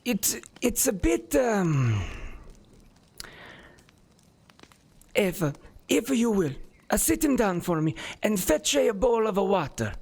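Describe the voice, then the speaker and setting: A man voicing a frail old man in a wheelchair, who speaks formally and stately, with hesitant pauses. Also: high voice, big pitch swings, gravelly, a little mellow, pitched above the performer's own voice, heavily acted.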